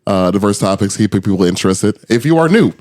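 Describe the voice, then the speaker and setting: Animated, laughing male podcast host. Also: fairly low pitch, fairly quick. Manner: laughs often, swears freely, loose rambling talk. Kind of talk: casual podcast banter.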